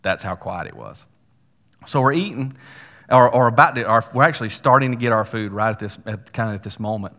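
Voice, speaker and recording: A man's voice: on the low side, a little fast, pushed and bright. A male pastor preaching a sermon, telling a story in a folksy way with casual asides to the congregation. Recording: long hall reverb.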